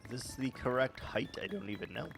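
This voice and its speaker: A man's voice: mid-range voice, animated, brisk, vocal fry, a bit bright. A man doing unedited commentary over his Minecraft gameplay, thinking aloud with many fillers. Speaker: Minecraft let's-play host.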